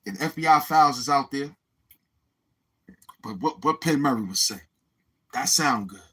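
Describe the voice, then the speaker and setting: A man's voice: medium pitch, animated, moderate pace, a bit bright, breathy edge, rough recording. A man chatting casually on his livestream, rambling and swearing as he talks straight to his viewers. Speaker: YouTube livestreamer.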